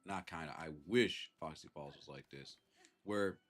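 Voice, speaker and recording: A man's voice: low-pitched, a little slow, a bit bright. A man with a Southern US accent, chatting casually on a live stream and thanking chatters, sounding congested from a sinus infection. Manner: laid-back, chuckles often, thanks chatters.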